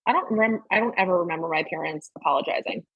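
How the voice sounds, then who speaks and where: A woman's voice: fairly low pitch, racing, husky, dry recording, muffled recording. A woman in her thirties, a mother guesting on a podcast, chatting candidly and swearing freely. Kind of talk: casual chat.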